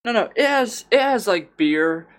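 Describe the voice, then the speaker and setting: A man's voice: high voice, animated, a little slow, a bit bright. A young adult man co-hosting a podcast, chatting casually and telling a rambling story full of fillers like "like" and "dude.". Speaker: podcast co-host. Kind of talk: casual chat.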